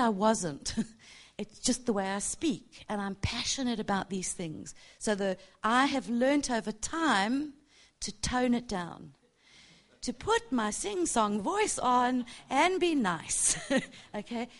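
A middle-aged woman gives an informal church teaching, her voice on the higher side. She talks with passion and a chatty warmth, laughing easily and checking in with her listeners. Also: expressive, slow pace. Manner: passionate, chatty, laughs often, tags lines with "yeah?". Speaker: church speaker teaching on prophecy.

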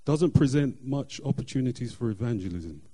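A middle-aged man tells a faith testimony in a very dark, mellow voice. He speaks earnestly, pausing and restarting often as he goes. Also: medium pitch, animated. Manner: earnest, halting with frequent fillers and restarts. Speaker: church member sharing testimony. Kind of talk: personal testimony.

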